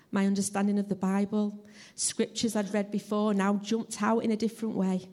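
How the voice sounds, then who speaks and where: Warm-voiced woman preaching earnestly. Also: mid-range voice. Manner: earnest, heartfelt, measured delivery. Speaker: lay preacher. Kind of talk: church sermon with personal testimony. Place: church service.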